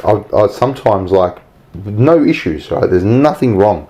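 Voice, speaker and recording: A man in casual podcast conversation with a very low voice. He talks in a reflective, thoughtful manner. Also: lively intonation, a little slow, dark tone, rough recording. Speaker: podcast co-host. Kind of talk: casual chat.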